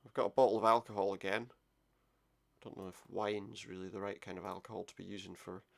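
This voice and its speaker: A man's voice: deep voice, little pitch movement, a little fast, vocal fry. A man giving casual commentary while playing a game, muttering his thoughts aloud. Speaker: let's play gamer.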